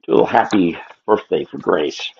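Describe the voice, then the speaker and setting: A man's voice: deep voice, brisk, vocal fry, darkish tone, a little hiss or hum. A man chatting casually and rambling to himself and his viewers while he draws on a live stream. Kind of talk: casual livestream chat while drawing. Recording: dull lo-fi stream audio.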